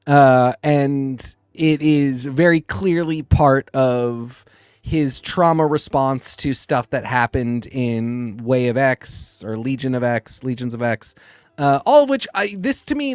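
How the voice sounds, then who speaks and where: A man co-hosting a casual podcast, talking in a rambling, animated way with quick asides. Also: medium pitch, smooth, no echo. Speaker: podcast co-host. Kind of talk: casual comics discussion.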